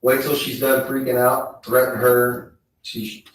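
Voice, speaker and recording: A man on the witness stand reading text messages aloud in a slow, measured way. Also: mid-range voice, level tone. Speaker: trial witness. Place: courtroom. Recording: echoey courtroom feed, distant mic.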